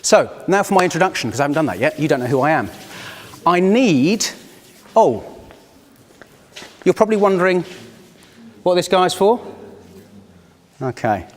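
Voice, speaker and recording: A man's voice: a little high, sing-song, normal speed, long pauses. A man facilitating a workshop, telling a personal story and inviting the group to take part in a reflective, personal way. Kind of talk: live workshop talk to a group. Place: conference room. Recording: long hall reverb.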